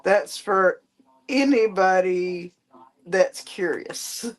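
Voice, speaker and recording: Guest woman, lower voice, slow and patient, walks listeners through it step by step. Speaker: panel chat guest. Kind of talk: casual chat.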